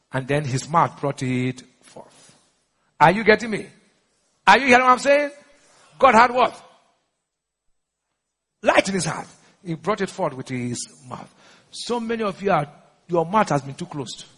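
A Nigerian man preaching in an echoey church hall, pitching his voice high and bright. His delivery is emphatic and lively, full of call-and-response questions to the crowd. The voice has a husky edge. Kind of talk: sermon.

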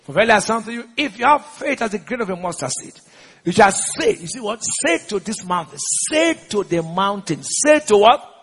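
A man's voice: sits high, very animated, normal speed, fairly bright tone, husky, big-room sound. A man with a Nigerian accent preaching a sermon, urging the congregation to repeat lines and slipping into pidgin. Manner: exhorting, call-and-response, mixes pidgin.

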